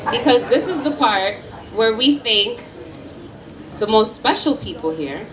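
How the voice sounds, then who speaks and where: A school principal gives a heartfelt, encouraging graduation speech at an outdoor ceremony, often laughing. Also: female voice, fairly high pitch, expressive, a little slow. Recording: distant mic with faint background noise.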